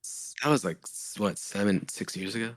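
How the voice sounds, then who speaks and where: A man co-hosting a podcast in casual chat, speaking haltingly with many fillers. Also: on the low side. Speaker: podcast co-host.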